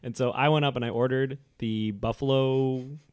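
A man on a podcast telling a story in relaxed casual chat, laughing between lines. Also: medium pitch, normal speed, clear, resonant tone.

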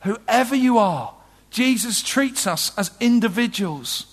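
Passionate preacher in a reverberant tent. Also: male voice, animated, slow. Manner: passionate, swings from loud urgent peaks to soft low moments. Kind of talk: sermon. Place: large tent.

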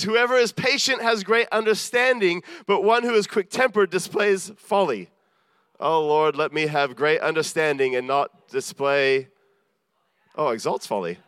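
A man delivers a sermon in an earnest, self-deprecating manner and acts out the people he quotes. His voice sits high for a man. The sound is dry and close, with no room echo. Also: a bit bright. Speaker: preacher.

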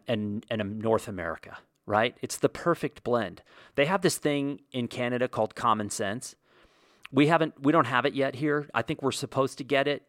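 A man's voice: medium pitch, fairly bright tone, dry recording, studio quality. A man hosting his own podcast, talking in a rambling, sarcastic way with jokey asides and mock quotes. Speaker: podcast host. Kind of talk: solo podcast monologue.

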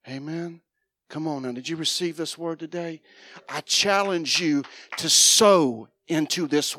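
A man's voice: fairly high pitch, fairly bright tone, no echo, studio quality. A man preaching a sermon with a personal testimony, earnest and storytelling, building to a fervent prayer in church. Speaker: preacher giving an offering appeal.

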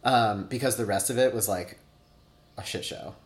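With a fairly low voice at a moderate pace, a man in his thirties chats through personal stories in an oral history interview. He fills his speech with "like" and acts out quotes, and the room gives an echoey sound.

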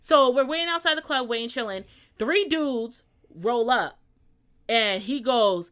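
A woman chats on a podcast in a bright, high voice. She tells her stories with energy and plays every character herself. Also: animated, a little slow, smooth. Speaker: podcast co-host. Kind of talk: casual storytelling chat.

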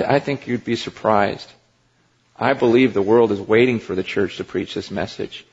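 A man's voice: fairly high pitch, breathy edge. Male pastor, slightly raised voice, emphatic conversational sermon; dull lo-fi recording with a long hall echo. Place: church sanctuary.

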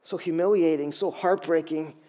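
A middle-aged male pastor giving an animated sermon, acting out scenes with quick voices. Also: a little high.

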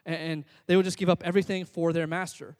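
High-voiced male pastor preaching earnestly. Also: level tone, fast, darkish tone, in a large hall. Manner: earnest, conversational, self-deprecating preaching. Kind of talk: sermon.

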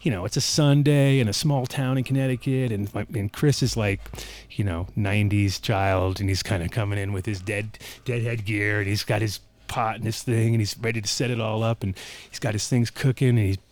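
A man hosting a casual studio talk show, telling a long story in a rambling, animated way with plenty of swearing and acted-out quotes. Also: fairly low pitch, fairly quick, hardly any pauses. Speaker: podcast host.

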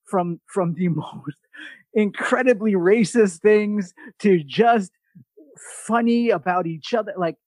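A man's voice: sits high, slow pace, no echo. New man telling stories, dry sound. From New York. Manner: animated, mimics other voices in quotes, swears casually. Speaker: podcast host. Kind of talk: casual storytelling chat.

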